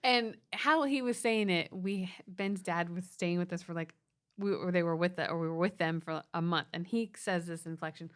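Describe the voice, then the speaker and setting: A woman with a lowish voice co-hosts a casual parenting podcast. She talks freely and offers practical advice. She laughs easily along the way. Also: normal speed, a bit bright.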